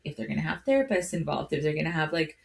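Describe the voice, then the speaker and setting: A woman's voice: low-pitched, very animated, racing, creaky. A woman co-hosting a podcast in casual chat, filling her talk with "like" and throwing in joking asides. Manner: chatty, joking asides, lots of "like". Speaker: podcast co-host.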